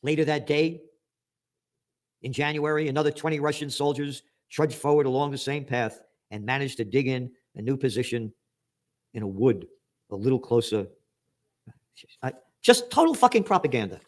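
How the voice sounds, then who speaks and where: A man's voice: medium pitch, lively intonation, moderate pace, long pauses. A man giving an angry, sarcastic news commentary, reading headlines aloud and mocking them with profanity. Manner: reads headlines aloud then mocks them.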